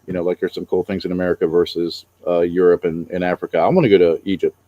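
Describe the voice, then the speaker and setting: A man's voice: deep voice, fairly even intonation, quick pace, highs cut off, a little hiss or hum. A middle-aged man co-hosting a casual chat, rambling about travel with many fillers. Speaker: co-host.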